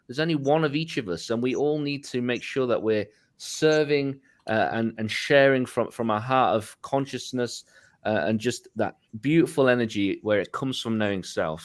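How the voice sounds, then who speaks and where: Earnest motivational man. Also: medium pitch. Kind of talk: reflective casual talk.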